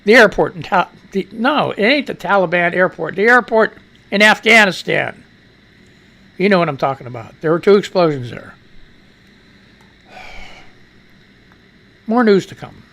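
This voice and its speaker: Profane rambling American radio host. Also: male voice, high-pitched, animated, a little slow, gravelly, long pauses, bright, forceful tone. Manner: profane, rambling, talks to himself. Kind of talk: casual live-stream news commentary.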